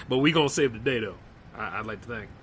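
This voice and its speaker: A podcast host with a medium-pitched, expressive, slightly bright voice reads a horror story aloud at a moderate pace. He keeps stopping for loose, chatty asides full of "like" and "man." The audio is poor, with slight background noise.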